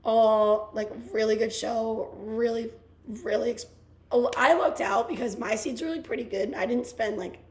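A young woman in her twenties co-hosts a chatty podcast, her voice hoarse and worn out. She gushes in a bubbly rush, stringing thoughts together with lots of "like"s, and sits a little higher in pitch than most women. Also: moderate pace, a little mellow. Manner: bubbly, gushing, many "like"s. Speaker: podcast co-host. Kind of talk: casual chat.

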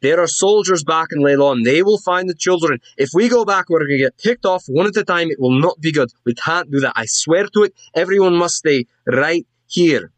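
A man's voice: fairly high pitch, expressive, fairly quick, few pauses, no echo, pitched above the performer's own voice, natural voice. Man doing a dwarven woman council leader, bossy, blunt, commanding, raised voice, dry close sound. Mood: insistent.

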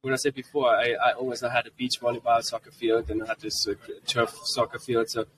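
Animated German-accented man telling stories. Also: mid-range voice, a little fast, noisy background. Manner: animated, jumps into quoted voices of his kids. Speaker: podcast guest. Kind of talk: casual storytelling. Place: convention podcast booth. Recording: voice a bit distant from the mic.

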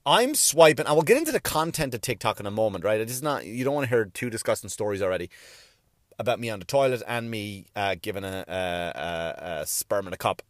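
A man's voice: on the low side, lively intonation, fairly quick, dry recording, studio quality. A middle-aged Irish man doing a stand-up routine, rambling, profane and self-mocking, with many restarts. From Ireland. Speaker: stand-up comedian.

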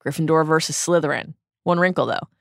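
A woman co-hosting a podcast, reading a wry, animated scripted recap of a book with quick asides. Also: sits low, creaky, dry recording, clean studio sound. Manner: animated, wry storytelling with laughs. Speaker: podcast co-host.

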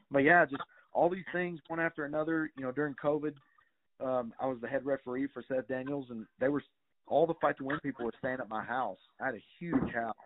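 A man's voice: medium pitch, steady tone, a little fast. Rambling middle-aged man, tinny sound. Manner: rambling, with many fillers and swearing. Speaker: guest. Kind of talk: casual storytelling.

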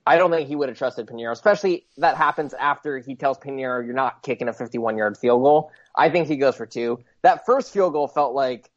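Panelist, male, middle pitch, a little muffled and dry, earnest casual chatter. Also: fairly quick, hardly any pauses, no room sound. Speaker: podcast panelist. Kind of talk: casual sports podcast banter.

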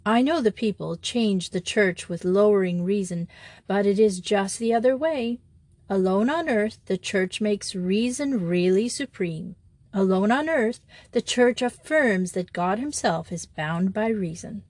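A woman voicing a small, mild male priest who talks in a calm, reasoned and earnest way. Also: medium pitch, a little slow, no room sound, natural voice.

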